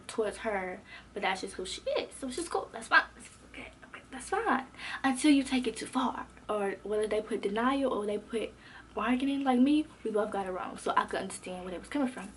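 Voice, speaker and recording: A young adult woman vlogger telling a casual storytime, animated and slangy, acting out what others said. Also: mid-range voice, quick pace, slight background noise. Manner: animated, expressive, slangy, acts out quotes.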